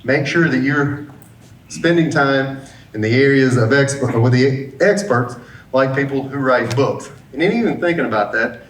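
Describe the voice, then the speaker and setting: A man's voice: medium pitch, moderate pace. A middle-aged man, a business coach, gives a motivational talk and acts out the people in his story. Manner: lively storyteller who acts out the dialogue. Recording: roomy sound, mic at a distance, faint background hum.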